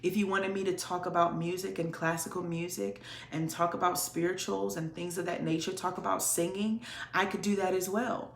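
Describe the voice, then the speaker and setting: A woman's voice: steady tone, moderate pace, gravelly, roomy sound, slight background noise. A woman podcast host, possibly from Detroit, candidly telling a personal story in a conversational way. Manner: candid, conversational, with sudden pitch jumps to demonstrate voices.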